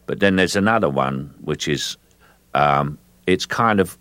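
An older man from England, interviewed as an actor on the radio, speaks in a very deep voice. He is slow and measured, often repeating words as he gathers his thoughts. The sound is dry and close. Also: lively intonation, fairly bright tone, smooth, no room sound.

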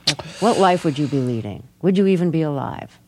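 A woman interviewing a guest for radio, asking gentle, probing questions. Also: deep voice, animated, fairly quick, background noise. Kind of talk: broadcast interview.

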